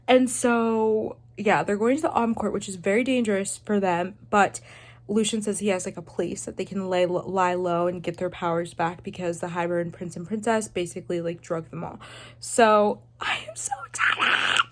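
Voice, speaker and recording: Gushing, excitable young woman vlogger. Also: medium pitch. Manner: gushing, excitable, emotional swings. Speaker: book vlogger. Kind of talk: casual reading reaction vlog.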